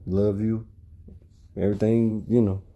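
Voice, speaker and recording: A man's voice: on the low side, little pitch movement, unhurried, mellow, highs cut off. A middle-aged father at home, telling a long, rambling story to his son and swearing as he goes. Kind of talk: recorded monologue addressed to someone. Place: at home indoors.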